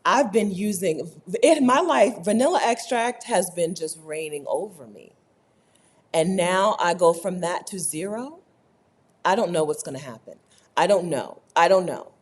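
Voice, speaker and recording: Woman vlogger, lowish husky voice, lively swooping pitch, chatty and animated; casual to-camera talk. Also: a little slow. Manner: chatty, animated, keeps asking "right?". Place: rented apartment.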